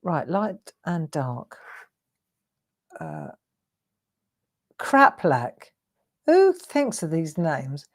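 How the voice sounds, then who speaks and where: A woman's voice: low-pitched, wildly swooping pitch, very slow, long pauses. A woman hosting a live craft tutorial, chatting in a self-deprecating way while she colours in.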